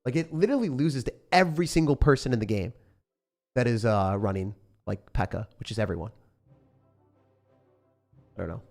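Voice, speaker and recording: A young man streaming a game live, reacting loudly and then mumbling low as he talks through decks. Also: moderate pace, long pauses. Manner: excitable, swings from shouting to low mumbling. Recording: faint music behind.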